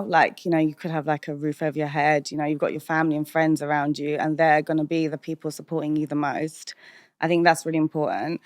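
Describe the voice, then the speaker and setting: A woman's voice: deep voice, fairly even intonation, fairly quick, dry recording, studio quality. A British woman DJ talking candidly as a podcast guest, chatty and full of "like" and "um", laughing often. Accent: British English.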